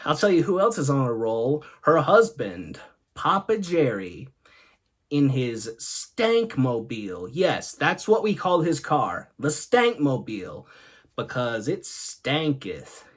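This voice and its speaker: A man's voice: medium pitch, very animated, takes it slowly, slightly rough. A young man hosting a comedy show, telling goofy family stories and laughing along with them. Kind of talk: comedic storytelling monologue.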